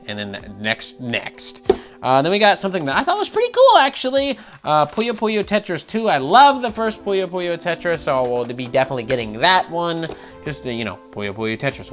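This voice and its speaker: Guy doing snarky game news commentary, swears a lot, laughs at stuff, mid-pitch voice. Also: a bit bright. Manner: sarcastic, profane, laughs often. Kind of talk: casual commentary.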